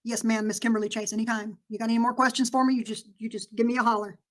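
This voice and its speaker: A woman's voice: a little high, little pitch movement, racing, close to an everyday voice, rough recording. A woman voicing a courteous male small-town police officer in a put-on Southern accent, full of "yes, ma'am" and formal politeness. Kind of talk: comedic role-play.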